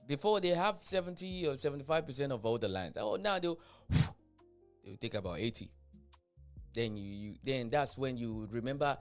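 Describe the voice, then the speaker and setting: A man's voice: medium pitch, brisk, soft background music. A man hosting a reaction video, talking casually and laughing in disbelief at clips. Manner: animated, laughing, incredulous.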